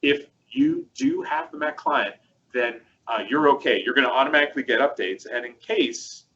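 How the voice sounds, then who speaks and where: A man's voice: mid-range voice, wildly swooping pitch, moderate pace, sharp tone, muffled recording. A man co-hosting a casual webcast, chatty and rambling with plenty of fillers as he walks through a product demo. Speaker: co-host presenting a product demo.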